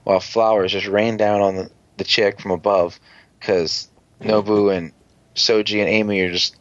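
A man's voice: fairly low pitch, little pitch movement, moderate pace, no room sound. A man hosting a casual show and recapping an episode in a rambling, profane, joking way. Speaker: podcast host. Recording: dull lo-fi recording.

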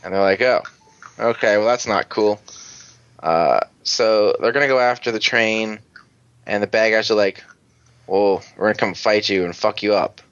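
A man's voice: fairly low pitch, normal speed, fairly bright tone, clean tone, no room sound, lo-fi sound. A man chatting casually on a podcast, recapping a TV episode in a rambling way, acting out characters' lines and swearing freely. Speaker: podcast co-host.

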